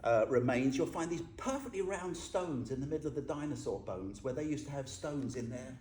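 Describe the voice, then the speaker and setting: A man with a medium-pitched, expressive, darkish voice speaks fairly quickly as he gives an informal dharma talk to a group. This Buddhist teacher is chatty and funny, asking the audience questions in an echoey room with faint noise.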